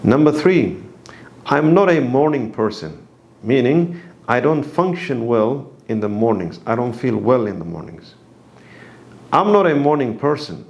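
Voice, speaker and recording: A man reading a scripted English vocabulary lesson, saying each phrase and example sentence in a slow, deliberate way. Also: mid-range voice, very animated, darkish tone, muffled recording. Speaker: English teacher.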